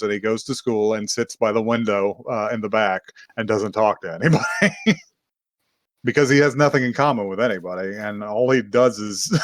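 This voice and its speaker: A man's voice: fairly low pitch, no echo. Laughing casual man recapping an anime. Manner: laughing often, acting out characters' lines, swearing casually. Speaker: podcast host recapping an anime. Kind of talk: casual chat.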